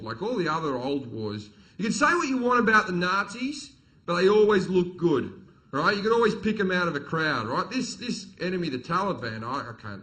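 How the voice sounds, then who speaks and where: A brash man working a live crowd on stage, his voice bright and forceful and sitting a touch high. He talks bluntly and swears freely, as a stand-up comic does. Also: poor audio. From Australia. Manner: profane, blunt, swaggering delivery with acted quotes. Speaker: stand-up comedian. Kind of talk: stand-up comedy storytelling. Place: live comedy venue with audience.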